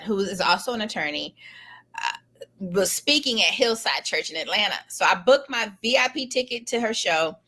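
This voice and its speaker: A middle-aged woman, a lawyer telling a personal story in an animated, emphatic, colloquial way. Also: mid-range voice.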